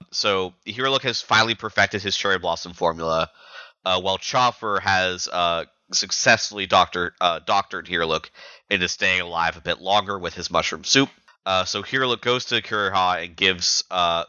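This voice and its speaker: A man's voice: deep voice, bright, forceful tone, dry recording, highs cut off. A man co-hosting a podcast, casually recapping chapters in a rambling way with lots of fillers and restarts. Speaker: podcast co-host.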